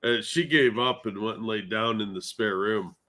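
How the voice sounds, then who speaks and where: A man's voice: on the low side, moderate pace, sharp tone. A man co-hosting a casual morning stream, talking in a sleepy, self-deprecating way and swearing freely. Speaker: podcast co-host.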